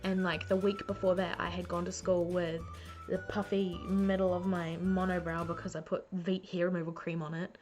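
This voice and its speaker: A woman's voice: lowish voice, level tone, normal speed, a little mellow, faint music behind. A young woman telling funny stories to camera, chatty and self-mocking, full of "like". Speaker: beauty vlogger. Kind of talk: casual storytelling to camera. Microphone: camera mic.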